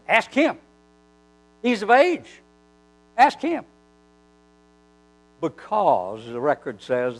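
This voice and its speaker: Animated preacher man, lively pitch. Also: rough recording. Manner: animated storytelling, acting out quoted dialogue. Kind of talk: sermon.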